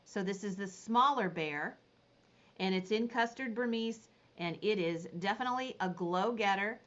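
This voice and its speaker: A woman running a live online consignment auction, describing each item and then calling bids in rapid repeated phrases. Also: mid-range voice, a bit bright, lo-fi sound, slight background noise. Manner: rapid repetitive bid calling.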